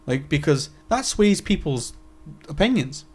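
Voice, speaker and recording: A man's voice: a little high, sing-song, unhurried, slightly rough. A young man co-hosting a podcast, ranting animatedly with lots of swearing and stammered restarts. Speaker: podcast co-host. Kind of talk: casual profane chat.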